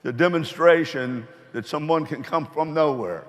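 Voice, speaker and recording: A man's voice: a little high, moderate pace, fairly bright tone. Folksy middle-aged man, echoing large hall. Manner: folksy, rambling, earnest. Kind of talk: motivational speech with folksy joke.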